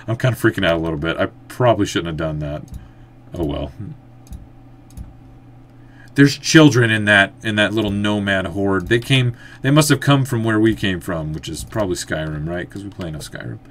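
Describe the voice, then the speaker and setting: A man's voice: deep voice, normal speed, long pauses, a little hiss or hum. Chatty man narrating his gameplay. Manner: chatty, thinks aloud, excitable outbursts. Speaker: gameplay commentator. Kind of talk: let's play commentary.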